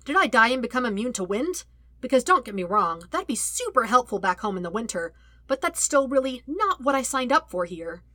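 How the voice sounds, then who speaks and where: A woman's voice: a little high, big pitch swings, brisk, pushed and bright, no room sound, studio quality, pitched above the performer's own voice. Sokka, a woman voicing a sarcastic teen boy. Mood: alarmed. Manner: sarcastic, squawking when startled. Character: sarcastic teenage boy, jumpy and wisecracking. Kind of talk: audiobook fan-fiction reading.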